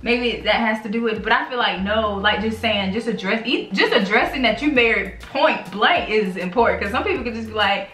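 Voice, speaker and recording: A woman's voice: a little high, brisk, few pauses, fairly bright tone. A woman hosting her own channel, chatting casually with her husband about relationships, rambling with many restarts. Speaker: channel host. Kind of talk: casual couple chat. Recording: echoey room, mic at a distance, faint music.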